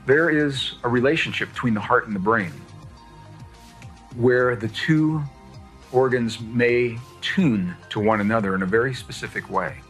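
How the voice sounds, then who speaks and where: A man giving a lecture-style talk, explaining in a measured, deliberate way. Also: medium pitch, a bit bright, faint music behind. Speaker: speaker on science and spirituality.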